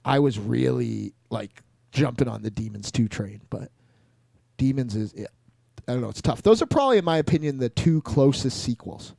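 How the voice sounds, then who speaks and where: Gravelly, lively-voiced man rambling. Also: mid-range voice, moderate pace, dry recording, clean studio sound. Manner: rambling, many fillers and restarts. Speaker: podcast co-host. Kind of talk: casual chat.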